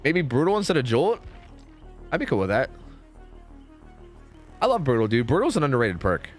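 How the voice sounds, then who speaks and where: A young American man streaming a game, his voice leaping all over in pitch as he chats. He swears freely and talks to chat without pause. Faint music plays under him. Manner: chatty, profane, animated, reads chat aloud. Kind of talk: casual gaming stream chat.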